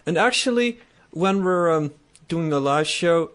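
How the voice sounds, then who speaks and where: Man, podcast co-host, casual rambling chat, slightly high voice, laughs a lot. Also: animated, measured pace, a bit bright, smooth.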